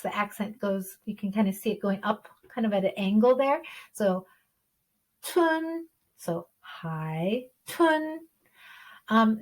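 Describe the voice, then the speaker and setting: A woman's voice: a little high, low-quality recording. A woman teaching an online Chinese lesson, explaining patiently and modeling the pronunciation aloud.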